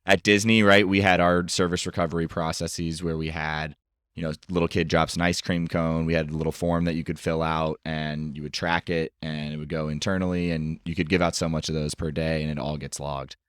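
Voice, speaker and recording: A man hosting a podcast interview, asking loose, rambling questions in a relaxed way. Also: a bass voice, a little fast, smooth, dry recording, studio quality. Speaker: podcast host.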